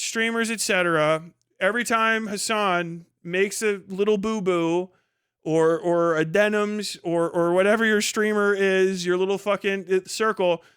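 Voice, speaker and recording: A man's voice: high voice, a bit bright, clean tone, no room sound, clean studio sound. Man streamer on a profane, mocking rant. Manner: fast bursts and sudden drawn-out words. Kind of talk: livestream rant.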